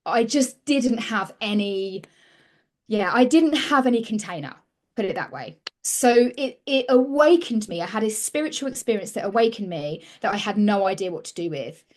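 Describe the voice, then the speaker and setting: Here a woman with an expressive, medium-pitched voice speaks at a moderate pace as an interview guest and women's mentor. Reflective and earnest, she recounts her story, often breaking off mid-sentence to begin again.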